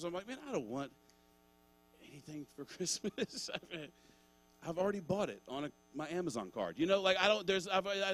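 A man's voice: a little high, a bit bright, rough recording. A man preaching as pastor, conversational and searching at times, then building to fervent emphasis. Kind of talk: sermon.

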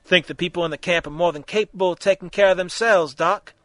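A man's voice: sits high, fast, a bit bright, dry recording. A man doing a smug, teasing castaway man. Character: smug, mocking male survivor.

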